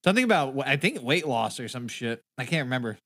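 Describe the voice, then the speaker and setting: A man's voice: medium pitch, sing-song, fast, fairly bright tone. A man hosting a casual podcast, rambling and swearing a lot as he tells a story. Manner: profane, rambling, laughs often. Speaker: podcast host.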